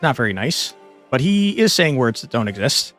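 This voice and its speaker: A man's voice: mid-range voice, sing-song, moderate pace, a bit bright. A young man live-streaming a game, chatting in a laid-back, jokey way with casual swearing. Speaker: gaming streamer. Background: game music.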